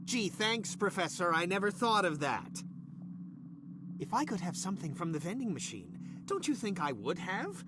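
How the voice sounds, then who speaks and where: A man's voice: high-pitched, sing-song, moderate pace, noisy background. An actor playing an irritable middle-aged male scientist in a video game, snapping and sarcastic at a janitor. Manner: snapping, sarcastic, then apologetic. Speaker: scientist boss.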